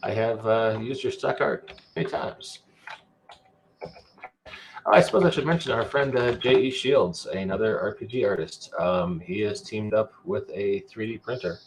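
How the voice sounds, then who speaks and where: A man's voice: fairly low pitch, moderate pace, background noise. A man hosting a podcast in casual chat, playful and jokey, reading out viewer comments. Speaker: podcast host.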